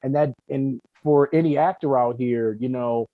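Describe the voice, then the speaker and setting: Brief: young male actor guest, lively storytelling chat, mid-pitched, dry close mic. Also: normal speed, dry recording, narrow, tinny audio. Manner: animated, talkative storyteller. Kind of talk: casual podcast chat.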